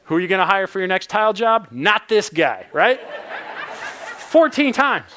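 A man in his thirties, a pastor, preaching a sermon with animated personal stories and laughing asides. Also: high-pitched, a little fast.

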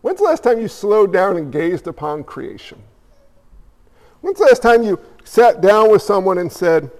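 A man's voice: high-pitched, sing-song, a little slow, darkish tone. A male pastor preaching a conversational sermon, firing off rhetorical questions and repeating phrases for emphasis. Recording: reverberant hall.

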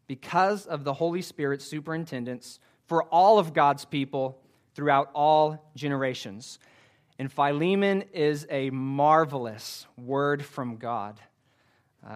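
A man preaching a sermon to his congregation, earnest and careful, with frequent fillers. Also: on the high side. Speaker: pastor.

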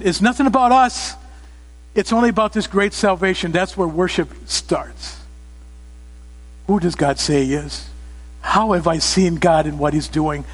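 A pastor preaching a sermon to his church, emphatic and often rising to loud exclamations. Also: high voice. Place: church sanctuary. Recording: long reverb of a church hall.

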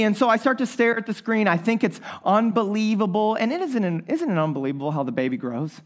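A male pastor delivers a sermon in a notably high voice. He tells stories in a lively, animated way, acting out his own reactions as he goes. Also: brisk, few pauses.

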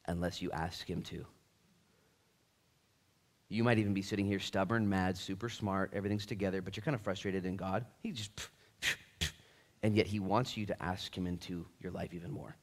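A man preaching a sermon with casual slang, swinging between loud bursts and hushed, earnest stretches. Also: low voice. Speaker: pastor.

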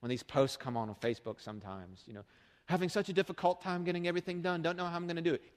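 A man's voice: fairly high pitch, very fast. Middle-aged male pastor preaching in a hall. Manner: conversational preaching with rhetorical questions. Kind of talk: sermon. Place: church sanctuary.

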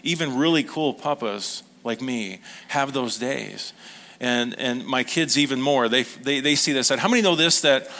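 A grandfatherly man in his fifties preaches a sermon in an easygoing, conversational way. He tells stories and keeps turning to his listeners with questions, his pitch sitting in an ordinary middle range. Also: unhurried, pushed and bright. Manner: conversational storytelling, asks the audience questions. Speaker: pastor.

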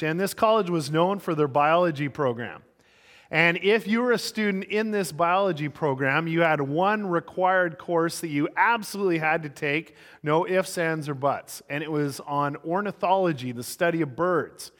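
A male pastor telling stories in a sermon, animated, acting out the people in his stories. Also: fairly high pitch. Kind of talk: sermon with storytelling. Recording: long reverb of a large hall.

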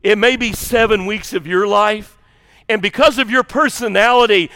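A male pastor preaching a sermon in an animated, rambling way, with self-deprecating asides. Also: sits high, moderate pace, long reverb tail.

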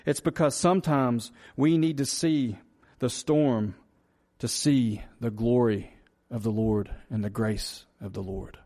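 A man's voice: mid-range voice, takes it slowly, dark tone. A man preaching a sermon, earnest and repetitive, asking the congregation rhetorical questions. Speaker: pastor.

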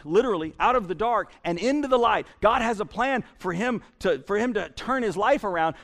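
A male pastor preaching a sermon in an animated way, repeating words as he builds each point. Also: sits high.

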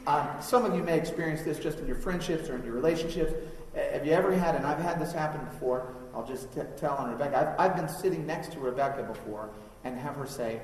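A man's voice: on the high side, brisk, a little mellow, a little hiss or hum. A man in his thirties preaching a sermon in a conversational way, asking the congregation questions. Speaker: pastor. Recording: echoey hall, mic from far off.

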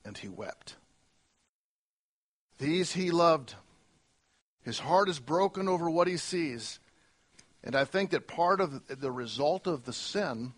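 A male pastor preaching a sermon earnestly, moving between soft, slow lines and emphatic ones. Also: a little high.

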